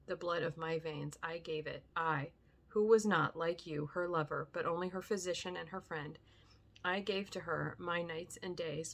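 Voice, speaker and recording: A woman voicing a grave old doctor. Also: on the low side. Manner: grave, measured and solemn. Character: grave old foreign male doctor, stern yet tender. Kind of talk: audiobook reading.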